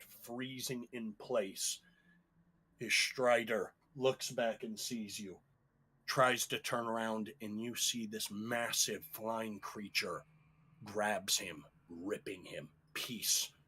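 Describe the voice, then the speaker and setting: A man narrating a tabletop game as game master, telling the story in a dramatic, measured way. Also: on the low side, fairly even intonation, bright, forceful tone, breathy edge.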